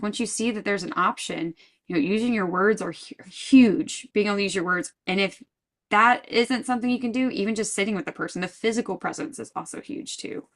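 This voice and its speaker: A woman with a medium-pitched, fairly bright voice is a guest on a podcast, chatting casually in an interview. She speaks earnestly and thoughtfully, frequently restarting her sentences.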